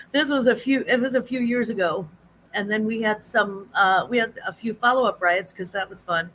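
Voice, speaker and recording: A woman hosting a casual live chat, rambling easily and greeting her viewers in a high sing-song. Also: moderate pace, sharp tone, a little hiss or hum, low-quality recording. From United States. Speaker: livestream host.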